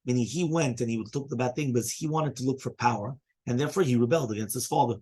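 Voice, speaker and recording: A man teaching a casual Talmud class, quickly explaining each passage and reading out Hebrew and Aramaic quotes. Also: medium pitch, a little mellow, husky.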